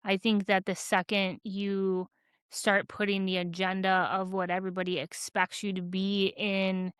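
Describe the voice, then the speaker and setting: A woman co-hosts a podcast, chatting casually and telling stories animatedly, peppering them with "like." Her mid-range voice is smooth and moves at a measured pace, with no room sound in the recording.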